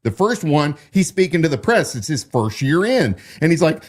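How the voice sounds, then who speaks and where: A man's voice: a little high, sing-song, moderate pace, hardly any pauses. A man giving casual political commentary as a podcast co-host, talking loosely with frequent restarts. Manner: conversational, many restarts and repeats.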